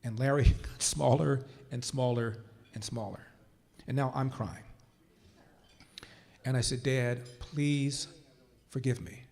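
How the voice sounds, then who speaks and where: An older man addressing a conference crowd from a stage, his voice sitting in a middle pitch. He tells his story in a measured way, easing into quiet, slow phrases for weight and then pushing up to firm, emphatic points. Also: steady tone, creaky. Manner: storyteller who slows down and drops quiet for emphasis, then rises to forceful points. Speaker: conference speaker. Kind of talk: political speech with personal storytelling.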